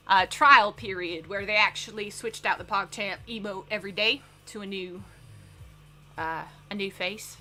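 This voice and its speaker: A woman's voice: medium pitch, pushed and bright. A woman putting on an exaggerated Southern US accent to read out a mock news segment on her stream.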